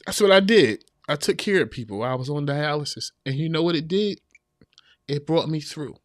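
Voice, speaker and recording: Male podcast host, a touch high-pitched, earnest and preachy, folksy livestream talk, dry close sound. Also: expressive, brisk, dry recording. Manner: earnest, preachy, repeats himself for emphasis; folksy, addresses listeners as y'all.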